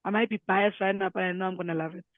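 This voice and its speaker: Here a man with a high voice co-hosts a music podcast, keeping the chat casual, animated, fast and full of enthusiasm. His audio comes through tinny, like a phone, without any echo.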